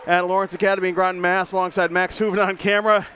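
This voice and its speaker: Calling hockey from the press box above the rink, a high-pitched man gives quick, energetic live play-by-play. He's somewhat out of breath early on, with slight background noise in the clip.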